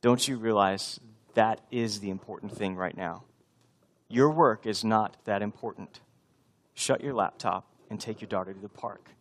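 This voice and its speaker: A preacher in a sermon, a man quoting a stern divine voice that quietly scolds a busy father. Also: fairly low pitch, moderate pace, close to an everyday voice. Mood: scolding.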